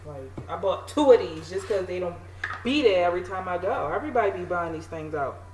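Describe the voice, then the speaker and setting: A woman chats and jokes at her own expense while she cooks, talking straight to camera in a relaxed, self-mocking way. The sound is an echoey home kitchen with steady background noise. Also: lowish voice, brisk. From Maryland. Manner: chatty, joking, self-mocking. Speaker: home cooking vlogger. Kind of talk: casual cooking chat to camera.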